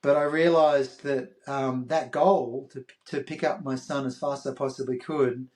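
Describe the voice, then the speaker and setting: A man's voice: mid-range voice, moderate pace. An Australian man in his fifties, a podcast guest telling a story with animation and acting out the voices of others. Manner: animated, acts out quoted voices. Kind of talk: interview storytelling.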